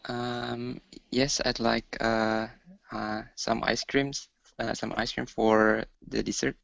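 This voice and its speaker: A man practicing English speaks slowly and hesitantly, his flat voice gravelly. The sound is dry and dull, like a lo-fi call. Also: medium pitch, dry recording. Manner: hesitant, many fillers. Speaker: student.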